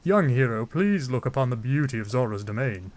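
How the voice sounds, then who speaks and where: A man's voice: medium pitch, expressive, a little fast, darkish tone, lightly acted. King Dorephan, a man doing a stately fish-king. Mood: regal. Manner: formal, stately old-fashioned speech. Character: huge, booming old fish-king, courteous and regal.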